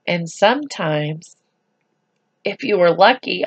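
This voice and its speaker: A woman with a medium-pitched, animated voice reads a storybook aloud to children, going slowly and gently and adding chatty asides to them.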